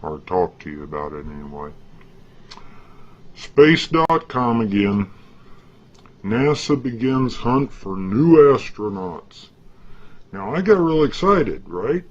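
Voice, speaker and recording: A man's voice: on the low side, sing-song, takes it slowly, long pauses. A man in a rambling, casual monologue, folksy and boastful, with an aggrieved edge. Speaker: vlogger. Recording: dull lo-fi recording.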